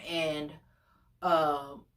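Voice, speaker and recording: A woman putting on the voice of a smooth-talking, flattering man in his late forties, speaking softly and earnestly. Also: deep voice, drawn-out words, voice pushed down, exaggerated voice. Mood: persuasive. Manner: soft, earnest, pleading compliments.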